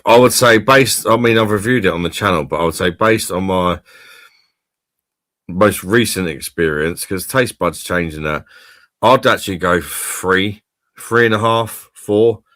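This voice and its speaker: A man's voice: deep voice, a little slow, fairly bright tone, dry recording, studio quality. A man hosting a casual live-stream chat, laid-back and sweary, laughing often. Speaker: host of a drinks review live stream.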